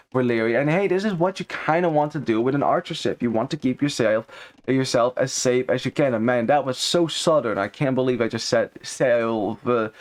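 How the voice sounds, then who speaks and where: A young man casting a real-time strategy match, chatty and analytical, explaining game mechanics as the action unfolds. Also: mid-range voice. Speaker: esports caster. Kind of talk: live strategy-game commentary.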